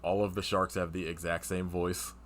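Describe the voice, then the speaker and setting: Deep-voiced man in profane podcast chat. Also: moderate pace, a little hiss or hum. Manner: profane, laughs often, animated retelling. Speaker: podcast co-host. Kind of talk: casual movie review chat.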